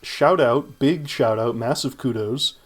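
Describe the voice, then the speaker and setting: A man with a medium-pitched voice and a measured pace casually explains how he made his video. As the creator offering commentary, he rambles and makes self-deprecating remarks in a relaxed chat.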